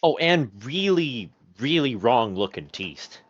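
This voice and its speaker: A man's voice: mid-range voice, slow, no echo. A man playing in a tabletop game, chatting casually and rambling with lots of laughter. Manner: animated, laughing, rambling storyteller. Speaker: player. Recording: dull, lo-fi stream audio.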